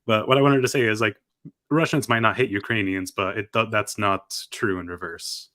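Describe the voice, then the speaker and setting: A man in casual podcast chat, speaking haltingly with many restarts. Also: on the low side, steady tone, bright, forceful tone, no echo. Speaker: podcast guest.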